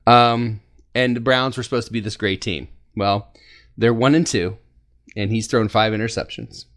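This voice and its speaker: A man hosting a fan sports podcast, telling stories in a casual, animated way and laughing often. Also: fairly low pitch, normal speed. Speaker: podcast host.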